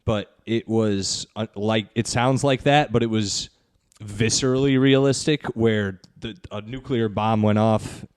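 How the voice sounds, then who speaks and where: A man's voice: lowish voice, steady tone, unhurried, darkish tone, a little hiss or hum. A man who is a guest comedian on a podcast, telling stories in a laid-back, casual way.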